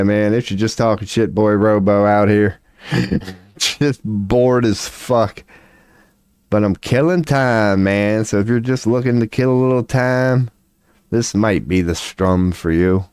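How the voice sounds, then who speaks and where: A man rambles on a livestream, cussing freely and laughing at himself. His voice sits low and comes through smooth and clear. The sound is dry and close, with no room in it. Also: unhurried, a little mellow, no room sound. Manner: profane, laid-back, self-mocking with frequent laughs. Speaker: streamer. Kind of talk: casual rambling monologue. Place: at home.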